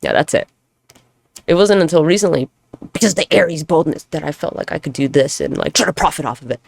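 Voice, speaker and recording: A woman's voice: sits low, lively intonation, fast, creaky, no echo. A woman hosting a solo podcast monologue, talking in a candid, rambling, profane way with self-deprecating humor. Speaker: podcast host.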